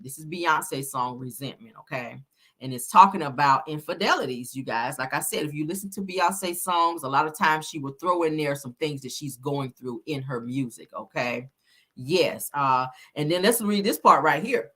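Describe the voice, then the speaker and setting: A woman's voice: low voice, animated, moderate pace, fairly bright tone. A woman host giving casual commentary, reading song lyrics aloud and adding slangy asides.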